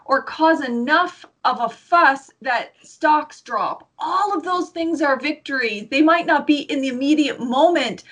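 A woman's voice: high voice, fairly bright tone. A woman interviewer responding in a reflective, affirming way. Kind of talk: conversational interview.

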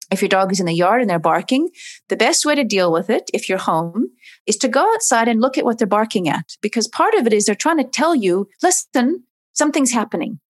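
Lively woman explaining dog behavior. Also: medium pitch. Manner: lively, acts out dogs and owners in voices. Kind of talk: explanatory interview talk.

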